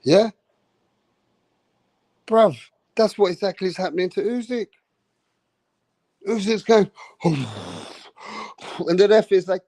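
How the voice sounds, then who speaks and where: A man giving a profane, slangy, animated rant as a boxing commentator on a live stream. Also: sits high, takes it slowly, pauses often, dry recording.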